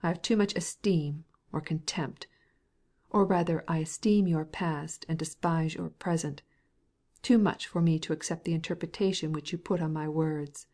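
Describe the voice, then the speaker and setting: A woman's voice: low-pitched, steady tone, normal speed, a little mellow. A woman voicing a stiff, proud male official who speaks to his wife in a cold, clipped, formal way.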